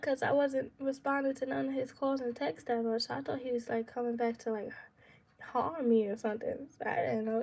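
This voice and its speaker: A young woman vlogger telling a personal story in casual, slangy speech, dramatic and full of laughs. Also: sits high.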